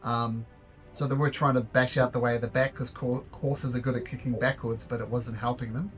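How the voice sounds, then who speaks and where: A man running a tabletop game as game master, narrating in a halting way with many fillers and repeated words. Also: mid-range voice, flat delivery, soft background music.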